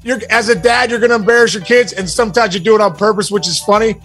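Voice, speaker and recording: A man in his forties, a podcast co-host, telling stories in casual chat, animated and peppered with "bro" and "dude". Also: high-pitched, fast talker, soft background music.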